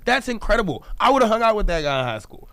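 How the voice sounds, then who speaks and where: A man's voice: sits high, very animated, fast talker, sharp tone. A man from co-hosting a sports podcast, telling stories in an emphatic, casual way. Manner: emphatic, storytelling. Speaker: podcast co-host.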